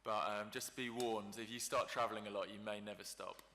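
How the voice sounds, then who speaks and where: Bright-voiced male panelist in a hall. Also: fairly low pitch, fairly even intonation, brisk. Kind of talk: live panel discussion. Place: large convention hall. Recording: reverberant convention hall.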